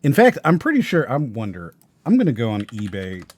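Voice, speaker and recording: A man's voice: medium pitch, wildly swooping pitch, a little fast, a little mellow, a little hiss or hum. A man hosting a casual podcast, wry and teasing, trailing off as he thinks aloud. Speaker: podcast host.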